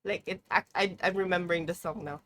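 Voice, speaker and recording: A woman's voice: fairly low pitch, steady tone, quick pace, sharp tone. A young woman chatting casually on a live stream, playful and mock-dramatic, swearing freely, from a room at home with a heater running. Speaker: livestreamer.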